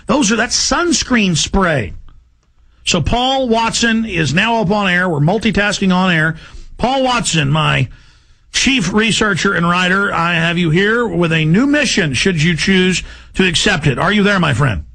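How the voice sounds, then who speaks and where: A man hosting a talk radio show, ranting fast and getting agitated, often rising to shouts. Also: high voice, lively intonation. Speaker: radio host. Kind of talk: heated talk radio rant.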